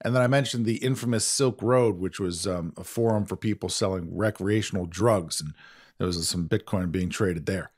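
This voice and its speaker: A man's voice: low voice, normal speed, husky. Chatty self-deprecating male podcast host. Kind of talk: conversational podcast banter.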